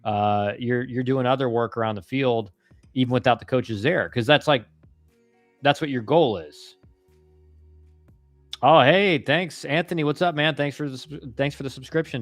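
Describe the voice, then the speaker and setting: A laid-back man chatting on his live stream, with a mid-range voice that is neither high nor low. His delivery rambles with slang and restarts. The sound is dry and close, with faint music underneath. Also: moderate pace, pauses often, dry recording. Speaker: live-stream host, former college ballplayer. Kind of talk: casual live-stream chat answering viewer questions.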